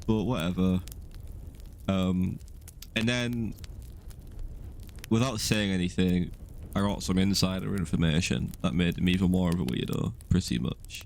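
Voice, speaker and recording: A man's voice: low voice, normal speed, creaky, slight background noise. A young man co-hosting a podcast, telling a story in a rambling, self-mocking way with many fillers. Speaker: podcast co-host. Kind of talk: casual storytelling chat.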